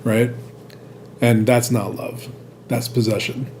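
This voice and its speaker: A man's voice: mid-range voice, little pitch movement, slow pace, gravelly, a little mellow, a little hiss or hum. A man hosting a podcast, chatting casually, blunt and supportive, cursing freely. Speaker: podcast host. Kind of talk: casual conversation.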